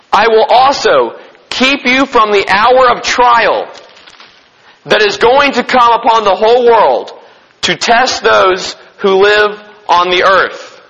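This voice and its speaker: A man with a high, bright voice teaching scripture to a group. His voice is slightly husky and rings with a long hall reverb. He poses questions to the room and answers them, and he slows down to read verses. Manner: reads scripture slowly and deliberately. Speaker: preacher teaching a Bible study. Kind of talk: Bible teaching.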